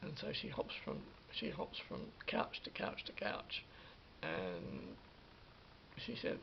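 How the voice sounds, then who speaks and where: A man casually recounting a story for a vlog, animated, restarting his sentences and acting out what people said. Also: deep voice, takes it slowly, creaky. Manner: animated retelling with acted-out quotes and many restarts. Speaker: vlogger. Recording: dull lo-fi sound with faint hiss.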